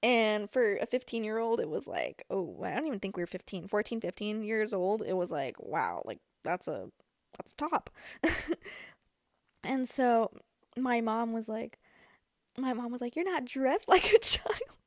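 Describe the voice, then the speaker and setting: A young female podcast host speaks in a mid-range voice at an unhurried pace while casually recounting a personal story. Her retelling is animated and chatty with many fillers, and the studio recording is clean and echo-free.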